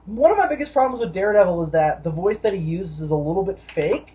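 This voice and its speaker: A man's voice: high voice, expressive, fast talker. A man co-hosting a casual film discussion podcast, emphatic and profane, ranting at times. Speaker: podcast co-host. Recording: dull lo-fi audio.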